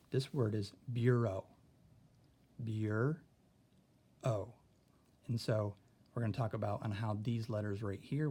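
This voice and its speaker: A man's voice: medium pitch, dark tone, husky. A male teacher talking students through a phonics word sort, patient and step by step, often checking in with "okay?". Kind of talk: classroom phonics lesson.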